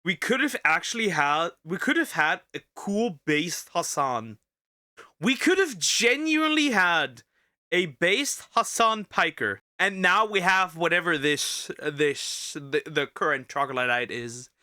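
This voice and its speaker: A man's voice: fairly high pitch, measured pace, no room sound, clean studio sound. A man hosting a video reaction, talking casually and sarcastically and often tripping over his words. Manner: lively, sarcastic, stumbles and repeats himself. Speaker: VTuber host reacting to a video.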